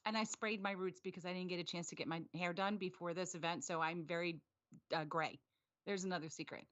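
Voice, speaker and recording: A woman chatting casually as a guest on a live stream, self-deprecating and quick to laugh, on a video call. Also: fairly low pitch, steady tone, a bit bright. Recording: dull lo-fi stream audio.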